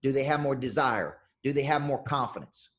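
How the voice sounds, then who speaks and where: A man running a live sales coaching session, talking in an energetic, punchy way and repeating questions for emphasis. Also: medium pitch, fairly quick. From southern United States.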